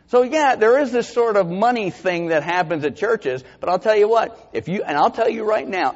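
A man, a pastor, preaching a sermon with animated delivery and sudden high-pitched bursts of emphasis. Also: long reverb tail, muffled recording. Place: church sanctuary.

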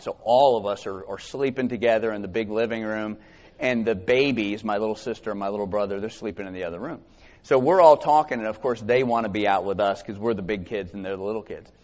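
Man preaching in an echoey hall. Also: medium pitch. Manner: earnest preaching, halting restarts, reads scripture aloud. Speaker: pastor. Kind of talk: sermon. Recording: echoey hall, dull lo-fi sound.

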